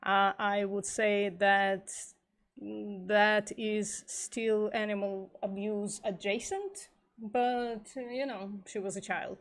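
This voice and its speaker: A woman on a live stream talks slowly and unhurriedly, pausing often as she thinks aloud. Her voice is wearing thin and slightly hoarse. She sits in the middle range of pitch. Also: steady tone. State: losing her voice. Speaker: vegan streamer. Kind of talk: live-stream reading and commentary.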